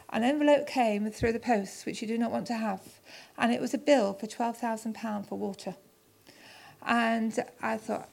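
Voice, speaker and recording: A woman's voice: fairly high pitch, creaky, a little mellow. A middle-aged woman, telling her story to a church audience and acting out both sides of each conversation.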